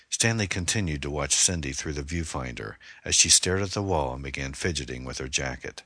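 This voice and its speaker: A man narrating a thriller novel chapter in a measured, deliberate way. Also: very deep voice, expressive, bright, forceful tone, no room sound, clean studio sound. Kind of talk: audiobook narration.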